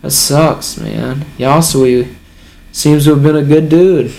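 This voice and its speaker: A man's voice: fairly high pitch, takes it slowly, gravelly, darkish tone. A man casually reading a comic chapter aloud and reacting, sighing and chuckling between remarks.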